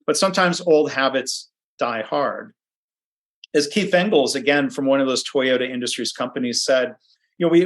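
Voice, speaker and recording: A man giving a conversational webinar presentation from his home office, chatty, with frequent ums and restarts. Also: a little high.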